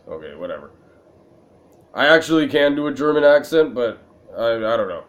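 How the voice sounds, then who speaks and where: A man with a mid-pitched voice narrates his game session in loose, self-mocking asides. He sounds a little tipsy, wandering off-track and laughing at his own jokes. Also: sing-song, moderate pace, pauses often, a bit bright. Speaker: gaming video creator. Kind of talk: let's-play commentary.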